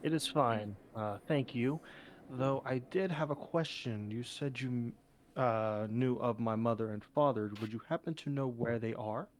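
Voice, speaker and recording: Quiet polite man player. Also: mid-range voice, unhurried. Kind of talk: in-character tabletop play.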